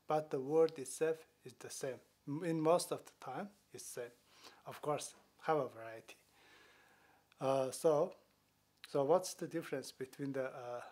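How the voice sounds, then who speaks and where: Guy giving a lesson, lots of uh's, mid pitch, stops and restarts a lot. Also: a little mellow. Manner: hesitant, many "uh" fillers and restarts. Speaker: language teacher. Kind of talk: explanatory lesson talk.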